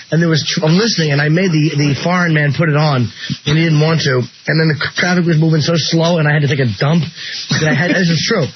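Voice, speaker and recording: Man, radio co-host, high voice, sarcastic, rambling, dull lo-fi sound, faint hiss. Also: fairly even intonation, fast. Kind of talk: crude radio banter. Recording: dull lo-fi broadcast audio.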